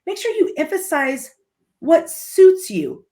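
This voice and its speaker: A woman's voice: very high-pitched, huge pitch swings, takes it slowly, mellow. Emphatic woman podcast guest. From Litchfield, Illinois, US. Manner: emphatic, repeats key phrases. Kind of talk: motivational storytelling.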